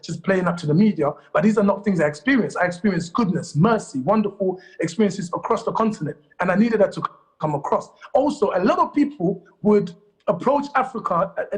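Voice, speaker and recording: A man from Congo, a guest comedian, talks in a studio interview. His voice sits fairly high and his pace is very quick. He tells lively anecdotes in a casual way.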